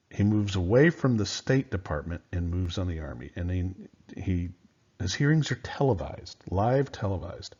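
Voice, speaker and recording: A man's voice: low-pitched, breathy edge, highs cut off. A man giving a casual history lecture in a loose, conversational way, with many fillers and restarts. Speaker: history teacher.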